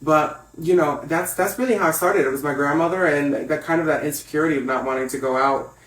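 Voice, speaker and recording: Young guy chatting as a podcast guest, voice on the higher side, kinda far from the mic. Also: fast. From Connecticut. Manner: animated storyteller, acts out high voices when quoting others. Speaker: guest, makeup artist. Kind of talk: casual interview chat. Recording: echoey room, mic at a distance.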